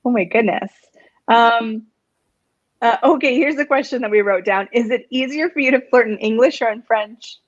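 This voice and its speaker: An enthusiastic woman hosts a casual chat, bubbly and quick to laugh, her voice a bit high. The sound is dry and muffled, with little room and dulled highs. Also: no echo. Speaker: host.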